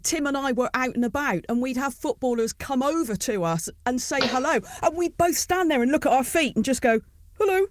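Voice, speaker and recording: A man co-hosting a podcast, telling anecdotes in a lively, casual way. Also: very high-pitched, brisk, few pauses, slight background noise. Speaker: podcast co-host. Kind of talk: casual chat.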